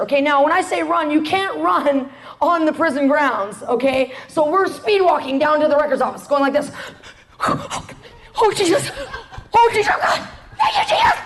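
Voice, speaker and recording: A woman giving a lively spoken testimony to an audience, acting out the people in her story and laughing often. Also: high voice. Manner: animated storyteller, acts out quotes, laughs often. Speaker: ministry speaker sharing testimony.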